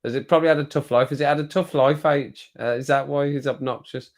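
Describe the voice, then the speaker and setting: A man's voice: mid-range voice, fairly even intonation, fast. Chatty man hosting a live stream. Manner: chatty, reads viewer comments aloud and laughs often. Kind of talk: casual live-stream chat.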